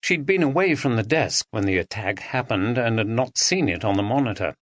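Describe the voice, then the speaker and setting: A man narrating an audiobook thriller, expressive and dramatic, on a close studio mic. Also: medium pitch, a little fast, no echo. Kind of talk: scripted narration.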